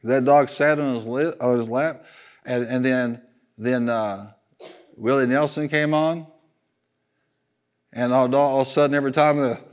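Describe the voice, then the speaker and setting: A male pastor preaching a sermon, animated and joking, leading the congregation in call-and-response. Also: mid-range voice, measured pace, pauses often.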